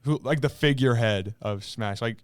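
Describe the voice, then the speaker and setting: A man's voice: mid-range voice, normal speed, crowd noise. A young man co-hosting a podcast in casual chat, rambling and laughing often, trailing off mid-sentence. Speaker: podcast co-host.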